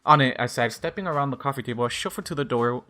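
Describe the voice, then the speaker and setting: Man, fan fiction narration, first person, plain and even, mid pitch. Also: fast. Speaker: audiobook reader. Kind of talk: reading fan fiction aloud.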